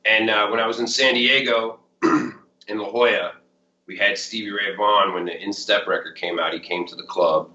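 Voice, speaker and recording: Rambling Chicago man, bright and roomy. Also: fairly low pitch, steady tone, normal speed. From Chicago area. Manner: rambling, full of "like" and "you know". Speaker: blues musician guest. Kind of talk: casual storytelling interview. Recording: roomy, dull lo-fi sound.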